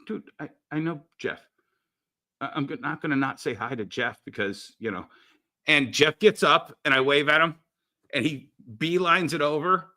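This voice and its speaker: Bright-voiced man sharing anecdotes. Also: fairly high pitch, moderate pace. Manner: chatty, anecdotal, stammers on restarts. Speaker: podcast co-host, comic retailer. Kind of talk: casual chat.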